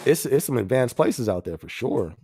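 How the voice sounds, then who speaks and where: A man's voice: mid-range voice, sing-song, moderate pace, dark tone, husky, dry recording. A man hosting a casual live-stream podcast, chatting in slang, laughing often and repeating his phrases. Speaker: livestream podcast host.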